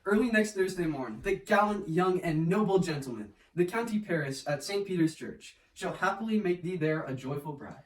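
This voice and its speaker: Man acting cold dismissive noble mother, high voice, roomy echo. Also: lively intonation, normal speed, few pauses, recorded from a distance. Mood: stern. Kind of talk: amateur Shakespeare reading.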